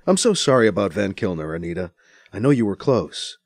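A man's voice: on the low side, sing-song, brisk, darkish tone, no room sound. A man plays a reluctant man newly put in charge who talks in an earnest, fumbling way. His voice rises and falls a great deal. The recording is dry and close. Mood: sympathetic.

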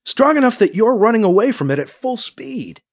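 A man's voice: very high voice, very animated, a little fast, voice pushed up, exaggerated voice. A man voicing a wry, caring young man in an audiobook, dry and teasing yet earnest. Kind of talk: audiobook character voice.

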